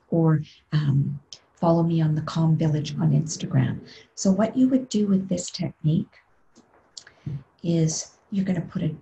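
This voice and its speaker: A middle-aged woman leading a guided meditation webinar over a video call, talking gently and unhurriedly, sometimes dropping into a breathy whisper. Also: deep voice, muffled recording. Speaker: meditation instructor.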